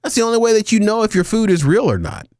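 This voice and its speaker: A man co-hosting a podcast in casual banter, animated and joking, speaking into a close mic. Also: sits high, fast, no room sound. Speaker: podcast co-host.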